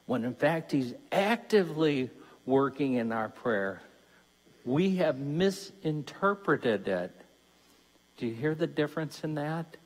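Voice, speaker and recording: A man's voice: a little high, lively intonation, unhurried. A man giving a conversational Lenten mission talk as a deacon, putting questions to his listeners. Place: church. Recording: long church reverb.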